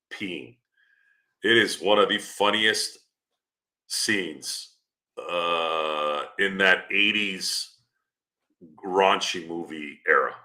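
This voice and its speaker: Deep-voiced, bright rambling male host. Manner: rambling, teasing, joking with chat. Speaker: podcast host. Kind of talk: casual live-stream chat.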